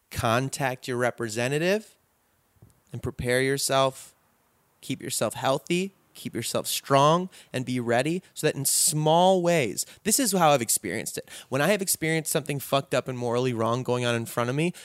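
An earnest male podcast host delivers a rousing, profanity-laced pep talk to his listeners. His voice sits at an average pitch. The sound is dry and close, with no room around it. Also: normal speed, dry recording. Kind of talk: impassioned solo podcast sign-off.

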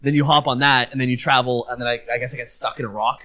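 Man, casual chat, halting, filler-heavy, game recap. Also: medium pitch, flat delivery, pushed and bright. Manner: loose, hesitant, many fillers.

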